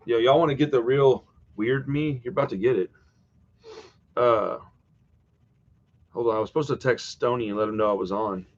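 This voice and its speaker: A man's voice: medium pitch, moderate pace, long pauses, highs cut off. A man hosting a horror live stream, chatting casually and wandering off topic from home. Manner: rambling, easily sidetracked, chatty.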